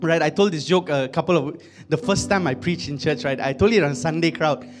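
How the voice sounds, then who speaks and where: A man's voice: fairly high pitch, brisk, faint music behind. A man preaching a sermon in a conversational, humorous way, often repeating himself. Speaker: pastor.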